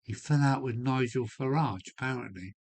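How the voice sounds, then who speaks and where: A man's voice: mid-range voice, normal speed, breathy edge. Guy rambling on a live stream from his loft, blunt, opinionated, bit sweary. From England. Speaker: model railway live streamer. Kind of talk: casual rambling chat to a live audience. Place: home loft. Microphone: live stream setup.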